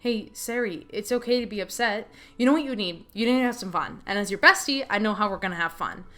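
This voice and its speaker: A woman's voice: mid-range voice, fast, bright, forceful tone, close to an everyday voice. A woman voicing a playful best friend in a story game, joking and teasing.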